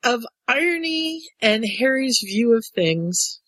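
Woman, podcast host, husky voice, dry close sound, casual fan chat. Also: a little high, big pitch swings, slow, a bit bright, no room sound.

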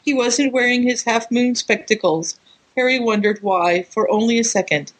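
A woman's voice: a little high, moderate pace, rough recording. A woman co-hosting a podcast, chatting casually and reading passages from a book aloud. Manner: easily distracted, giggly.

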